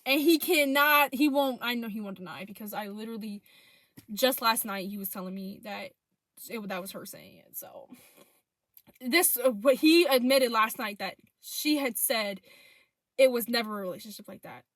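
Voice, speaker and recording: A woman's voice: fairly high pitch, normal speed, no room sound, clean studio sound. Profane young woman telling a story. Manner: profane, animated retelling of texts. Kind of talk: casual storytime vlog.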